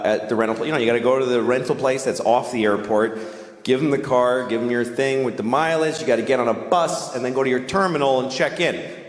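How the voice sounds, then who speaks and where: A middle-aged man doing a stand-up routine, telling a rambling, self-deprecating story. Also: mid-range voice. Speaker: stand-up comedian. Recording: roomy hall reverb, faint noise.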